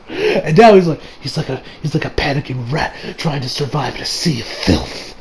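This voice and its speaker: A man hosts a casual anime episode recap as a reviewer, animated and rambling, restarting often and acting out quotes. He talks fast in a fairly high-pitched voice, and the audio is poor.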